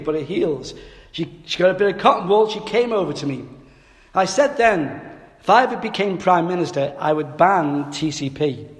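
Male preacher, higher-pitched voice, humorous storyteller, long hall reverb. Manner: lively storytelling, self-mocking humor. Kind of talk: sermon with humorous personal anecdote.

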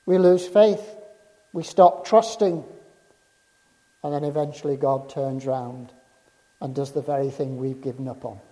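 A man preaches a sermon slowly and deliberately, his deep, mellow voice sitting a little higher than most men's and holding a steady tone. He places measured emphasis and lets key phrases sink low and quiet, while a long reverb from the surrounding hall trails each word.

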